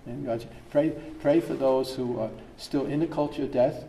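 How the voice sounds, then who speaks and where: Earnest priest in an echoey hall. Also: male voice, mid-range voice, normal speed, vocal fry, mellow, far from the mic, a little hiss or hum. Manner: earnest, with repeated phrases and restarts. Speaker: priest giving a workshop talk. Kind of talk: storytelling talk to an audience.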